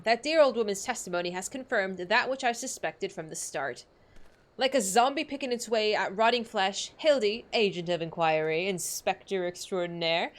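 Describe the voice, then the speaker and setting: A woman's voice: medium pitch, natural voice. A woman voicing a pompous male inspector who speaks in grandiose, flowery phrases. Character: pompous self-styled gentleman inspector.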